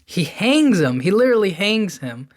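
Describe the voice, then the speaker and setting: A man hosting a podcast, casually retelling a film's plot in a rambling, enthusiastic way, slipping into quick quoted lines. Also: sits high, sing-song. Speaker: podcast host. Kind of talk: casual movie recap.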